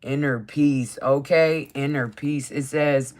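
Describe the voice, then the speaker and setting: A card reader hosts a live stream in a loose, chatty way. Affirmations are read out slowly, then talked through with lots of encouragement, nearly every line ending in a questioning "okay?". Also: medium pitch, steady tone. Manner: reads affirmations aloud slowly, then riffs on them.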